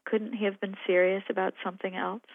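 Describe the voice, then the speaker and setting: A woman's voice: medium pitch, flat delivery, a little fast, creaky, no echo. A woman novelist talking thoughtfully and hesitantly about her writing, and reading aloud from her own novel. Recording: phone-like radio line.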